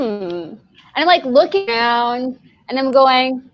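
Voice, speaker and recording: A woman's voice: sits high, animated, slow, no room sound, lo-fi sound. A woman hosting a podcast who tells a story casually, rambling with lots of "like" and laughter. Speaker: podcast host.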